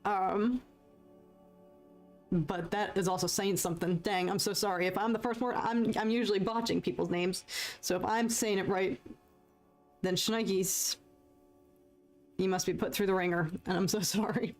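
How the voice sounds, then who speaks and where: A young American woman chatting casually and excitably while painting on a live stream, joking at her own expense and answering viewers. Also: mid-range voice, normal speed, pauses often, soft background music. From United States. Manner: chatty, excitable, self-deprecating, reads chat aloud.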